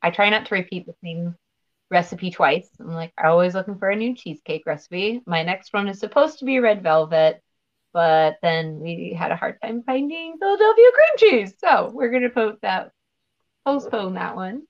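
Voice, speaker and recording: A woman actress chatting as an interview guest, talking in an animated, storytelling way. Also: mid-range voice, normal speed, highs cut off. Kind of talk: casual interview chat.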